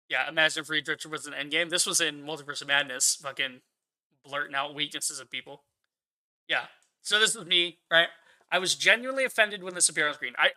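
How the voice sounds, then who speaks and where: Man ranting, bright sharp voice. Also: fairly high pitch. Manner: profane, exasperated ranting. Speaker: channel host. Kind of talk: ranting movie commentary.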